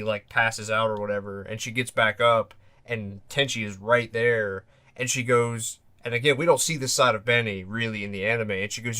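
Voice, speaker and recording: A man's voice: mid-range voice, sharp tone. A man co-hosting a casual podcast discussion, talking in a loose, conversational way. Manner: loose and conversational, many fillers like "like". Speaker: podcast co-host.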